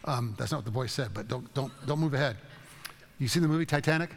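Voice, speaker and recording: A man's voice: medium pitch, fast talker, vocal fry, big-room sound, slight background noise. A man giving an informal Bible teaching talk, telling stories in a folksy, rambling way. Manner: storytelling, folksy, rambling with restarts. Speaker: teacher leading a Bible study.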